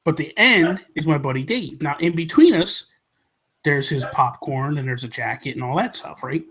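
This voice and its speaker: A man's voice: on the high side, normal speed, husky. An American man co-hosting a podcast, telling a story in a casual chat and acting out the people in it. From United States. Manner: animated storyteller, acts out the people in his story. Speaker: podcast co-host.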